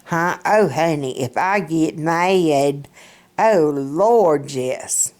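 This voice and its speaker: Middle-aged Southern woman vlogger, Alabama drawl, chatty and unhurried, lowish voice. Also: darkish tone. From central Alabama. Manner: chatty, rambling, folksy, laughs often. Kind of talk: casual rambling vlog chat.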